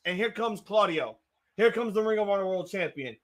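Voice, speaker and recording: A man hosting a live wrestling watch-along, reacting with excitable, profanity-laced outbursts while his voice gets strained. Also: high-pitched, a little fast. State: voice getting strained.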